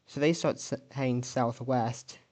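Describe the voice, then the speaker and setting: In casual commentary over his alternate-history map video, a man thinks aloud and pauses often, pausing to question oddities or correct himself. His voice is mid-pitched and darkish, unhurried, with fairly even intonation.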